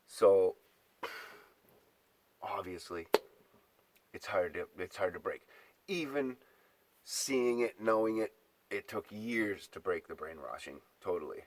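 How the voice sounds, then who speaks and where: A man's voice: deep voice, expressive, takes it slowly, pauses often, slight background noise. A man delivering an exasperated, profane ranting monologue, mocking his listeners.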